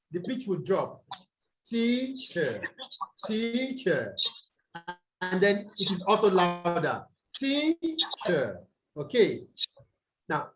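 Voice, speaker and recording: A man with a high voice teaches at an unhurried pace over a video call. He asks questions and then answers them himself. He says example words twice, slowly, to show the stress. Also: a little hiss or hum, rough recording. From Nigeria. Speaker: English tutor. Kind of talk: online tutorial lesson.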